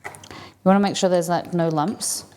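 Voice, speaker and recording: Woman cooking-stream host, lowish voice, chatty and rambling, faint dish clatter behind. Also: steady tone, unhurried, dark tone, slight background noise. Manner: chatty, thinking aloud while cooking. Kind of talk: casual cooking demonstration.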